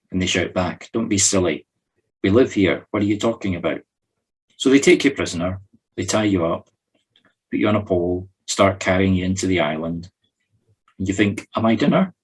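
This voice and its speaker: A Scottish man as a spiritual medium, leading a guided meditation with calm, gently humorous storytelling. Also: deep voice, breathy edge, rough recording.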